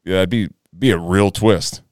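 A man's voice: sits low, normal speed, a little mellow, smooth, no room sound, clean studio sound. A man co-hosting a podcast in casual chat, loose and profane, joking around. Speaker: podcast co-host.

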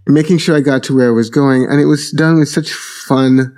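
A man's voice: mid-range voice, steady tone, moderate pace, a little mellow. A man co-hosting a casual talk podcast, telling stories loosely with many fillers and restarts. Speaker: podcast co-host. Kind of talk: casual conversation.

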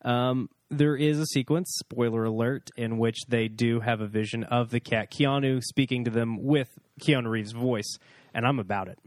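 A man's voice: mid-range voice, steady tone, normal speed, no room sound, studio quality. A man co-hosting a podcast in casual chat, playful and punning, with lots of fillers. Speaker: podcast co-host.

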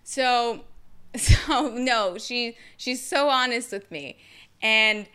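A young woman telling her personal story to camera in a casual, energetic way, expressive and quick, with playful asides. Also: on the high side, clean tone. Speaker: vlogger sharing her story.

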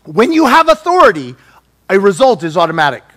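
A man preaching a sermon, animated and playful, acting out voices as he teaches. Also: sits high, brisk.

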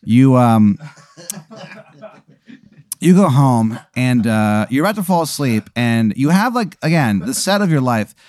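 A man's voice: medium pitch, very animated, a little slow, pauses often, darkish tone. A man hosting a podcast, improvising a rambling, profane comedy story with lots of restarts. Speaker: podcast host.

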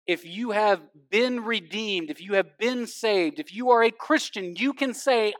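Animated male pastor preaching. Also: high voice, moderate pace, hardly any pauses, dry recording, studio quality. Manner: animated preaching, swinging from loud emphasis to hushed intensity. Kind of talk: sermon.

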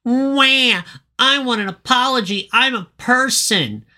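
A man doing a whiny, shrill cartoon bird. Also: slow pace, pushed and bright, heavily acted. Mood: whining. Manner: whining, high and nasal.

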